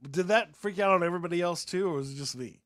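A man's voice: high-pitched, quick pace, a bit bright, dry recording, studio quality. A man hosting a podcast, chatting casually and joking at his own expense. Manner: groggy, self-joking. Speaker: podcast host. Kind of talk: casual chat and freestyle rap.

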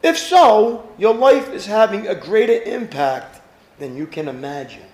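High-voiced animated male pastor. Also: a little slow, echoey room. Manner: animated preaching, rhetorical questions to the congregation. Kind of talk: sermon.

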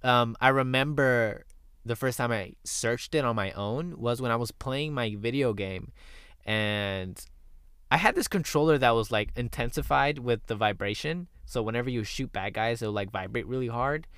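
A man's voice: medium pitch, moderate pace, a bit bright, clear, resonant tone, no echo, studio quality. A young man hosting a podcast, telling stories in a candid, profane, casual chat. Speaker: podcast host.

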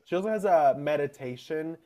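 A man's voice: on the high side, lively intonation, a little fast, dark tone. A young man co-hosting a podcast in casual chat, chatty and often laughing as he talks. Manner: chatty and giggly, often laughing mid-sentence. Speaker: podcast co-host.

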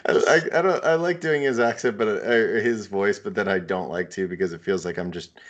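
A man's voice: on the low side, brisk. A man co-hosting a casual podcast, rambling and trailing off unsure of his point. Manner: rambling and unsure, often trailing off with "I don't know". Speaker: podcast co-host. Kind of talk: casual chat.

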